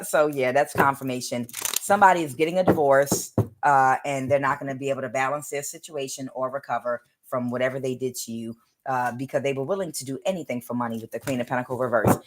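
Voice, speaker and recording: Woman tarot reader, very deep voice, throat strained and lowered, rambling delivery with steady fillers. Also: slight background noise. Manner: rambling, many "uh" fillers, calls listeners "baby". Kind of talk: spoken tarot reading.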